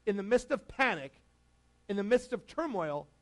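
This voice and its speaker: A man's voice: sits high, animated, moderate pace, fairly bright tone. A man preaching a casual, conversational sermon, laughing often and asking the congregation questions. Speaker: pastor.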